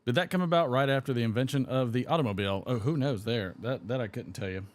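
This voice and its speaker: A man speaks fast in a mid-range voice while hosting a live pipe-smoking stream. Casual and rambling, he reads comments aloud as he smokes and chuckles along.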